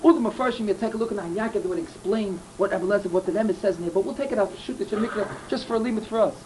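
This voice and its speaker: A man's voice: sits high, very fast, darkish tone, slight background noise, low-quality recording. A man giving a Torah lecture, telling stories earnestly and repeating key phrases. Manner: earnest, repeats himself, mixes in Hebrew and Yiddish terms. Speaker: Torah teacher.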